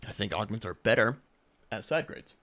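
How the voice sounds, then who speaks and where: A man's voice: fairly low pitch, expressive, normal speed, fairly bright tone. A young man chatting casually with his stream chat while gaming, rambling, sarcastic and swearing a lot.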